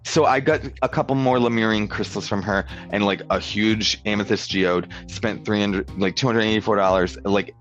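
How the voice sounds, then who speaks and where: Rambling man with a low voice. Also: steady tone, moderate pace, hardly any pauses, lo-fi sound, faint music behind. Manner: rambling storyteller, many "like"s, acts out dialogue. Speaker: podcast guest. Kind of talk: casual chat.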